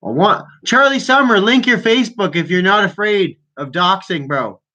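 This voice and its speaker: A young man from Canada talks over the phone as a call-in host. His voice is bright and forceful, and it sits a bit high. He jeers and swears freely. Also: animated, normal speed. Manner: brash, mocking, swears a lot. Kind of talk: profane casual chat. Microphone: telephone.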